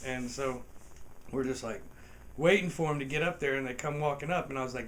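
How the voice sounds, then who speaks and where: A man's voice: medium pitch, fairly quick, a bit bright, a little hiss or hum. A man telling a true story in a casual comic anecdote, swearing freely, laughing between lines and putting on voices for the people in it.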